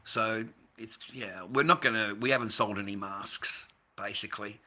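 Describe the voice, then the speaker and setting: A man's voice: on the low side, moderate pace, hardly any pauses, sharp tone. A middle-aged Australian man chatting casually on a livestream, rambling and repeating himself, calling viewers mate and swearing now and then. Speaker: livestreamer selling handmade masks.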